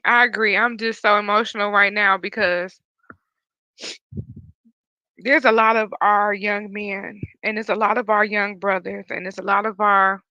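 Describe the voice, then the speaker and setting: A woman's voice: mid-range voice, pushed and bright, dry recording. Emotional woman host, dull dry audio. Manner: emotional, close to tears, earnest. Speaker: podcast host. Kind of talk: podcast conversation.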